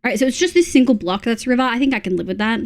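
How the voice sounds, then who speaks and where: A woman's voice: on the high side, expressive, very fast, a little mellow. A young woman with an Australian accent, chatting casually to her viewers while she plays a game, muttering to herself and swearing when something annoys her. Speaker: streamer. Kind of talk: casual live-stream chat while gaming.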